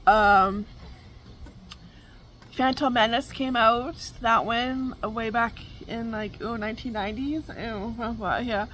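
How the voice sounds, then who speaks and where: A woman's voice: fairly high pitch, steady tone, slow, fairly bright tone, a little hiss or hum, low-quality recording. Chatty middle-aged woman, laughing. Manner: rambling, laughs often, many fillers. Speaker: vlog host. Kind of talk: casual chat.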